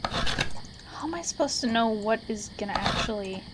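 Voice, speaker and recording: A woman's voice: a little high, expressive, normal speed, heavy background noise. A woman hosting a let's play, chatty and self-mocking as she goes. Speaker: gaming channel host.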